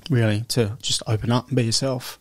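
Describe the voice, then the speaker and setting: A man's voice: medium pitch, steady tone, brisk, no room sound. An Australian man in his thirties, a guest boxer talking openly and emotionally in a casual interview, laughing often. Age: 30s.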